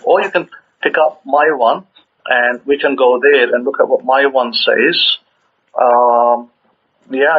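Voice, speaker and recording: A man's voice: mid-range voice, breathy edge. A man teaching scripture in a conversational way, often repeating himself and chuckling as he explains. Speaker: religious teacher. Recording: dull lo-fi recording.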